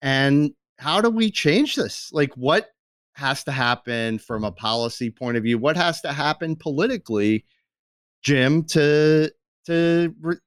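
A man's voice: a little high, animated, measured pace, no room sound, clean studio sound. A man hosting a political discussion, speaking emphatically. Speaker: host.

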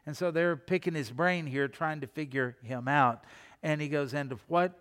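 A man preaching a sermon as pastor, expressive, repeating phrases and dropping his voice low and soft to stress a point. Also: normal speed, clear, resonant tone. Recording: long reverb of a large hall.

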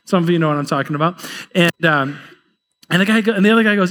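A man's voice: sits high, fast, long pauses, fairly bright tone, big-room sound. A man preaching a sermon in a church, conversational and repeating words as he builds his points. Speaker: pastor. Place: church sanctuary.

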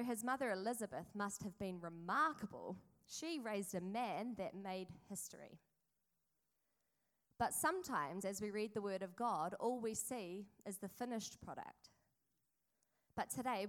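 A woman, preaching a sermon in a chatty storytelling way with asides to the congregation. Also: mid-range voice. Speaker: pastor.

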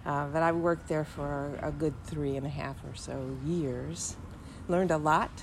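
Older woman, low voice, reflective interview guest, thoughtful and unhurried, recorded at home. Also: steady tone, noisy background. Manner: measured and thoughtful, with frequent filler pauses. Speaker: interview guest, energy executive. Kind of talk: reminiscing interview answers. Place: living room of her home.

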